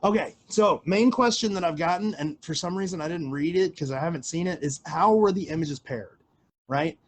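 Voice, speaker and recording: A man's voice: fairly high pitch, moderate pace, a little hiss or hum. Rambling casual man hosting a livestream. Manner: rambling, filler-heavy, casual swearing. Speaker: livestream host answering questions.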